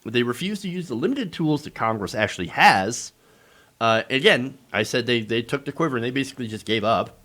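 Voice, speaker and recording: A man's voice: medium pitch, lively intonation, brisk, pushed and bright. A man hosting a casual political commentary show, talking in a sarcastic, mocking way.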